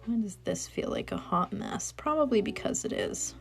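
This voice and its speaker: A woman in her thirties with a soothing voice, chatting casually and rambling softly while she crafts at home, speaking into a phone. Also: mid-range voice, animated, normal speed, creaky, faint music behind. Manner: chatty, rambling, soft-spoken. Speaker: craft livestreamer.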